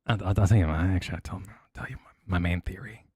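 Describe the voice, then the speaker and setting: A man's voice: low-pitched, racing, husky, dry recording, studio quality. A young man chatting casually as he reacts on stream, talking in rambling bursts with lots of restarts. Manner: rambling, animated, full of restarts and filler. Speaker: streamer reacting to event videos.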